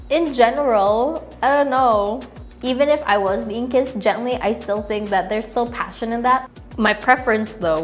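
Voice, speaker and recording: A young woman from the Philippines answering viewer questions in a casual, rambling chat, laughing often and getting sentimental. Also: a little high.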